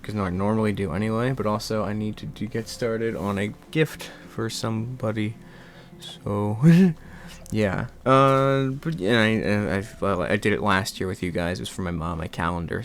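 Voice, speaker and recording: A young man vlogging in a rambling, animated casual chat, laughing and swearing now and then. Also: lowish voice.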